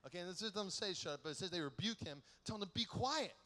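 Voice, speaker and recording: Animated man preaching in an echoey hall. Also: high-pitched, fast. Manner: animated, joking storyteller who acts out quotes. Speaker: keynote speaker. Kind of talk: youth conference keynote sermon. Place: large conference hall.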